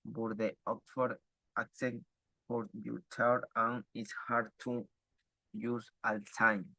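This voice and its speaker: Man reading aloud for an exam; slow, halting delivery, lowish voice, dry close sound. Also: fairly bright tone, dry recording, poor audio. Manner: halting, stumbling reading with restarts.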